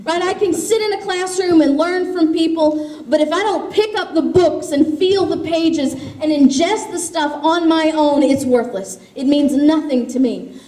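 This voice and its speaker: In an echoey hall, a female grassroots activist delivers a passionate speech, forcefully emphasizing the stories she tells. Her voice sits high with a dark tone, at a moderate pace.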